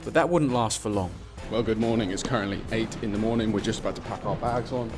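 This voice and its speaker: A young man narrating his own motorbike trip in a casual travel vlog, cheeky and self-mocking, with bursts of excitement. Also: lowish voice, quick pace, music in the background. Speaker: travel vlogger.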